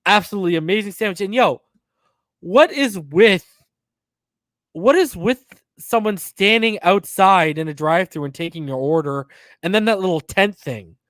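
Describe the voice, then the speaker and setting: A man in his thirties from the northern US, telling a story in casual podcast chat, animated, slangy and profane. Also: high voice, normal speed, no room sound. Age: 30s. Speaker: podcast host.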